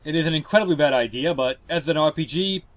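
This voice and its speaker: A man with a slightly higher voice runs a video game walkthrough, talking casually and cracking jokes at his own expense. He keeps up a loose, chatty commentary throughout. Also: quick pace. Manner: chatty, joking, self-deprecating. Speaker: let's play host.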